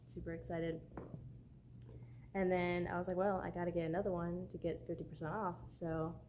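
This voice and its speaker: A woman's voice: lowish voice, dark tone, slight background noise. A woman chatting casually in a book haul vlog, bubbly and gushing, with lots of "like" fillers. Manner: bubbly, gushing, says "like" often. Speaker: book vlogger.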